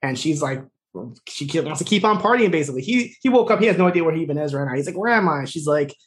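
A man's voice: on the high side, animated. A man co-hosting a podcast, casually retelling a TV episode with lots of "like" and quoted lines. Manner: rapid, filler-heavy retelling, acting out quoted lines. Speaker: podcast co-host. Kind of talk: casual recap chat.

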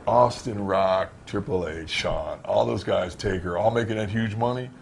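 A man's voice: lowish voice, normal speed, gravelly, slight background noise. A man, a former pro wrestler, telling stories from his career in an interview and acting out the dialogue. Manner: animated storyteller who acts out quoted dialogue. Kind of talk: interview storytelling.

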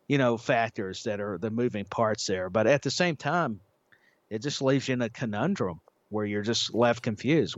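A man's voice: mid-range voice, no echo. A man co-hosting a wrestling podcast in casual chat, often restarting and repeating his words. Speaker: podcast co-host. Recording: dull lo-fi audio.

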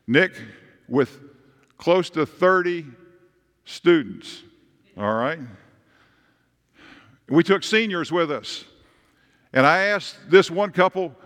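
Animated preacher with long reverb. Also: male voice, on the high side, measured pace. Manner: animated, with emphatic rises and storytelling asides. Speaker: pastor. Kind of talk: sermon.

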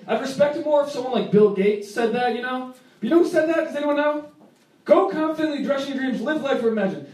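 A man in his late twenties from Rhode Island doing a stand-up set, telling wry stories and jumping up loud for punchlines. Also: high voice. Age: 20s. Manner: wry, quick storytelling punctuated by jumps into loud punchlines. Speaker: stand-up comedian. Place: comedy club stage. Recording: echoey club recorded from a distance, audience laughter.

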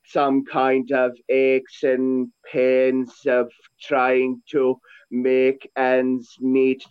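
A priest doing a weary old Irishman in a put-on old Irish accent, with slow, flat, drawn-out phrases. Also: mid-range voice, clean tone. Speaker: priest co-host. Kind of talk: comic put-on voice. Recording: tinny phone-like sound.

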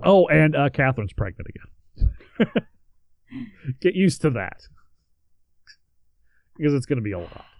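A man's voice: a little high, big pitch swings, takes it slowly, gravelly, pauses often, darkish tone, dry recording. Man telling history podcast-style, dry sound. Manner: reads facts then adds joking asides and swearing. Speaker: podcast co-host. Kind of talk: casual history podcast narration.

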